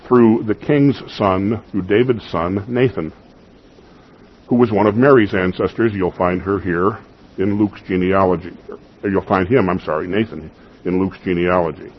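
In this muffled recording with slight background noise, a man with a fairly low pitch preaches as a pastor. His expository sermon is instructive and emphatic, driving home key points and putting rhetorical questions to the listeners.

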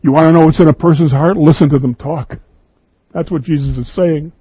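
A man's voice: fairly high pitch, fairly even intonation, a little fast, slightly rough, dry recording, dull audio. A man preaching an earnest, emphatic radio sermon, reading scripture and quoting at length.

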